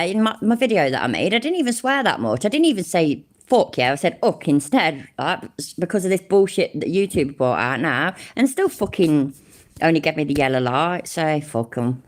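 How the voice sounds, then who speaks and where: A woman's voice: deep voice, sing-song, moderate pace. A woman hosting a live reaction stream, blunt and sarcastic, swearing constantly as she comments on a video. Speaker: livestream reaction host.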